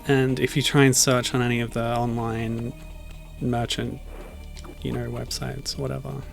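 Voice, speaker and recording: A man's voice: medium pitch, little pitch movement, a little slow, gravelly. A man streaming a video game, chatting casually and rambling off on tangents as he plays. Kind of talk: casual gameplay commentary. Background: game music.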